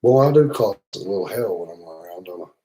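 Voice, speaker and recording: A man's voice: low-pitched, animated, fast, mellow, low-quality recording. A man with a Southern US accent, hosting a livestream and spinning rambling, profane, teasing stories in a casual way. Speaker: motorcycle travel channel host.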